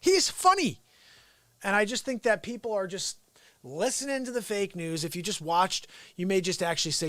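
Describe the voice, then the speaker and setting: High, animated ranting man. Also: normal speed, dry recording, clean studio sound. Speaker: livestream host. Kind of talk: unscripted political rant. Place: home.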